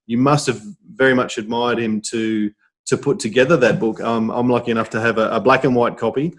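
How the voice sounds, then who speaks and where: A man's voice: medium pitch, fairly even intonation, fairly quick. A man hosting a podcast interview, asking questions with frequent fillers. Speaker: podcast host. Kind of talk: casual interview.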